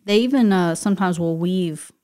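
A woman's voice: lowish voice, moderate pace, mellow. A woman co-hosting a podcast, explaining things in casual chat and affirming often. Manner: explanatory, chatty, many affirming yeses. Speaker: podcast co-host.

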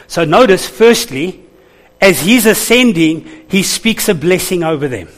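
High-voiced pastor preaching to his church. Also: animated, unhurried. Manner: calls out to the congregation for responses. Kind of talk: sermon.

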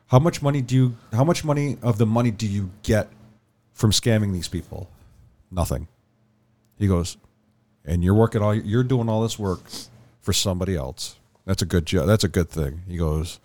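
A man's voice: on the low side, moderate pace, darkish tone. A man co-hosting a podcast, telling a story in casual chat and acting out the quotes. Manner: rambling storyteller, acts out quotes. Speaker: podcast co-host.

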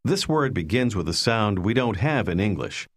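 A man with a fairly low voice that rises and falls a lot as he narrates a language lesson. He speaks in a calm, patient, scripted way, prompting the listener to answer. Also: normal speed.

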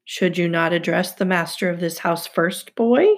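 Grumbling king of gods, gravelly and rough-edged, read by a woman narrator. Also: lowish voice, moderate pace. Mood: stern. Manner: grumbling, menacing. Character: stern menacing male sky god, king.

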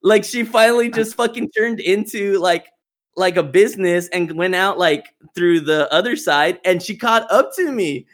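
A man's voice: high voice, moderate pace, rough recording. A young man hosting a casual podcast over a voice call, telling a story with plenty of laughter and swearing. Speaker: podcast host. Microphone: remote call mic.

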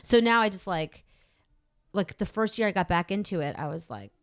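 A woman's voice: medium pitch, lively intonation, normal speed, no room sound, studio quality. A woman in her thirties, an actor, chatting casually and self-deprecatingly, with lots of "like" fillers. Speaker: actor and podcast guest. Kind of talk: casual chat.

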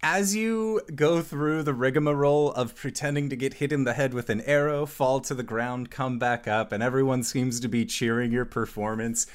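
A man runs a tabletop game, narrating scenes in a lively, descriptive way. His voice sits at an ordinary pitch for a man. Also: moderate pace, hardly any pauses, clean tone. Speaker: game master.

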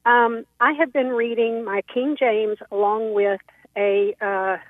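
A woman's voice: a little high, fairly even intonation, slow, dry recording. Polite woman calling in over a phone line. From Texas. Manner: polite, slightly hesitant, many ums. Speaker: caller. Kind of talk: call-in radio conversation.

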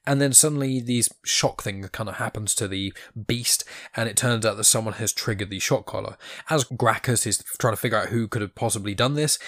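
A man's voice: on the low side, no echo, clean studio sound. A man casually retelling a comic story as a podcast host, chatty, often laughing and loosely paraphrasing what the characters say. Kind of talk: casual recap.

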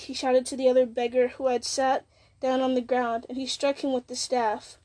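High-voiced woman reading an audiobook. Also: little pitch movement, moderate pace, a little mellow. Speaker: narrator.

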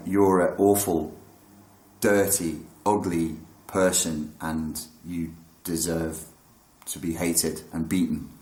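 In an echoey room, a man with a fairly low voice talks casually and bluntly about meditation and mental health. He swears a bit and voices his thoughts as quotes.

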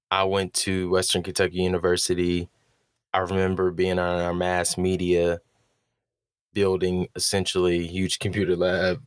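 Low-voiced young male poet, close dry mic, reflective storyteller who slips into quoted voices. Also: no echo. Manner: animated retelling, acting out quoted voices. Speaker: spoken-word poet explaining his poem. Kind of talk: reflective commentary with personal storytelling.

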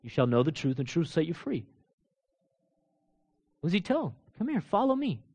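A man with a notably high voice preaches a sermon in an animated way. He fires off rhetorical questions and drops into casual asides with his listeners. He swings from loud, ringing proclamations to low, quiet emphasis. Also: moderate pace. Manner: laughs and talks casually to the congregation.

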